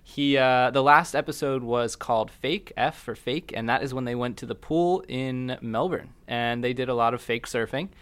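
A man's voice: medium pitch, normal speed, few pauses, fairly bright tone, clean tone. A man co-hosting a podcast, cheerfully running through show news and asking sponsors to get in touch. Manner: upbeat, announces show news and plugs. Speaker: podcast co-host. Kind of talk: casual chat.

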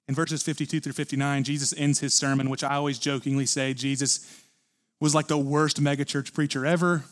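A man preaching a sermon at a church service, earnest and building to forceful emphasis. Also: mid-range voice, level tone, fairly quick. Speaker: pastor.

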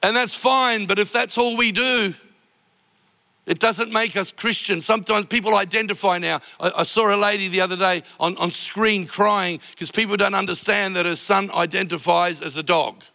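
A man's voice: high-pitched, normal speed, creaky, pushed and bright. A man preaching a sermon as pastor, telling personal stories with emotional, impassioned delivery. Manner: emotional storytelling, rising to impassioned cries. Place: large church auditorium. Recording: long reverb of a large church hall.

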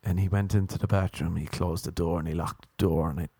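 A man's voice: low-pitched, steady tone, quick pace, mellow, slightly rough, dry recording, clean studio sound. A young man doing stand-up, telling an exasperated story with plenty of swearing. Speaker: stand-up comedian.

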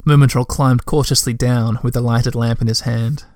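A man's voice: medium pitch, steady tone, moderate pace, a little mellow, no echo, studio quality. Man reading a storybook aloud. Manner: chatty asides with fillers between reading. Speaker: reader. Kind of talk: reading a children's book aloud with casual asides.

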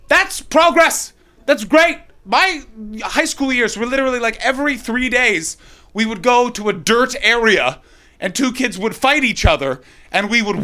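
This Canadian stand-up comic has a high-pitched, slightly bright voice. Performing live, he works the crowd and teases them with brash, profane banter.

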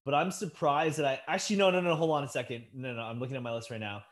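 A man's voice: medium pitch, steady tone, rapid-fire. A man co-hosting a podcast who asks the guests questions and laughs easily. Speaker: podcast co-host. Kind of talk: casual chat.

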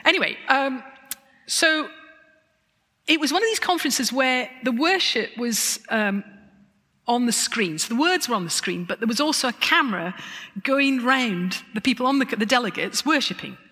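A woman giving a lively, self-mocking testimony talk, with chuckling asides. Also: a little high, normal speed, breathy edge. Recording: long hall reverb.

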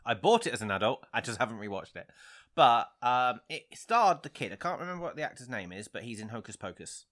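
A man's voice: medium pitch, very animated, fast talker, a bit bright. A man co-hosting a casual podcast chat, reminiscing in a wry way. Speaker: podcast co-host.

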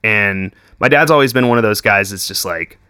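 A man's voice: lowish voice, normal speed, pushed and bright, clear, resonant tone, no room sound, studio quality. A young man, chatting casually as a podcast guest, full of swearing, "like" and "dude". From Texas. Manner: swears constantly, says "like" and "dude" a lot. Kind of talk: casual chat.

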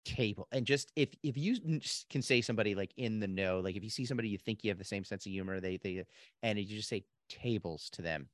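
A middle-aged man co-hosting a podcast in casual chat, talking haltingly and repeating words, with a lingering cough. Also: lowish voice, no room sound, clean studio sound. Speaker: podcast co-host.

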